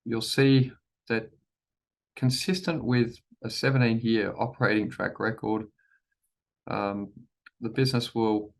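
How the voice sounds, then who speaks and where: A man with a gravelly, fry-edged voice of ordinary pitch delivers a formal shareholder presentation. He speaks in a measured, deliberate way, circling back to the same phrases and often restarting mid-sentence with an "um". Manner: measured, repeats key phrases, frequent restarts and ums. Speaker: company chief executive presenting to shareholders.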